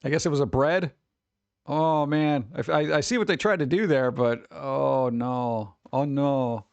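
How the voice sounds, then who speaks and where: A man streaming casual reaction chat, rambling and joking, breaking into quick put-on voices for his bits. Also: medium pitch, creaky, clean tone, no room sound, lo-fi sound.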